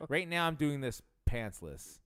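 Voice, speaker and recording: A man's voice: mid-range voice, sing-song, measured pace, fairly bright tone, smooth, dry recording, clean studio sound. A young man co-hosting a podcast, telling a profane, laid-back story in casual chat. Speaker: podcast co-host.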